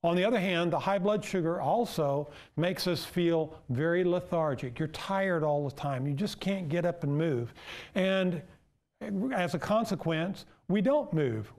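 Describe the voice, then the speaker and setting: A man, a nurse, explaining a health topic in a steady, lecturing seminar manner. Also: a little high, unhurried.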